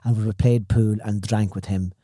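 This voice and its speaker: A man's voice: lowish voice, fairly even intonation, moderate pace, mellow, dry recording, clean studio sound. A middle-aged man, a stand-up comedian, telling rambling stories in a casual podcast chat. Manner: rambling anecdotes, chatty.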